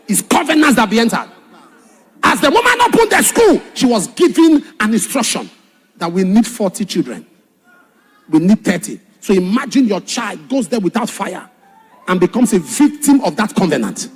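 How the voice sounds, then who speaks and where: Brief: high-pitched male preacher, impassioned, husky, over soft background music. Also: very animated, a little fast. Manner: impassioned, shifts from shouted warnings to hushed storytelling. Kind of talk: sermon.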